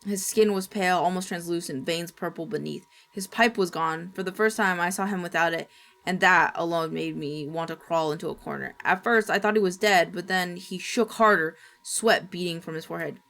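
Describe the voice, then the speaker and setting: A woman streamer reading a horror story aloud in steady, dramatic narration. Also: lowish voice, normal speed, gravelly.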